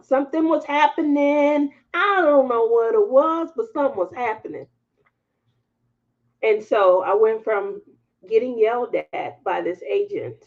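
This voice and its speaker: A woman hosts a craft livestream and chats with her viewers in an unhurried, candid way. Her voice has a gravelly, fry-heavy edge. The recording sounds dull and lo-fi. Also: mid-range voice. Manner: animated, candid, laughs as she tells it. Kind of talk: casual storytelling chat to viewers.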